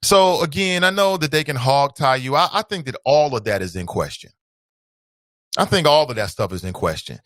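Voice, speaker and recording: A man's voice: medium pitch, expressive, normal speed, a bit bright, no echo. Earnest male talk show host, dry sound. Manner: earnest, direct, calls the audience family. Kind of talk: casual commentary.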